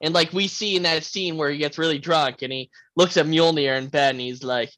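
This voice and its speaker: A man's voice: a little high, steady tone, fairly quick, a bit bright, dry recording, low-quality recording. A young man hosting a podcast, chatting casually and animatedly about a film, swearing freely and acting out lines. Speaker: podcast host. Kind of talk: casual film review chat.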